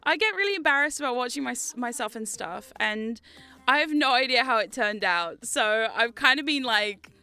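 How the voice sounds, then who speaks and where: A woman's voice: on the high side, expressive, normal speed, sharp tone, smooth. A woman streamer chatting casually to her viewers on a livestream, laughing often and swearing freely.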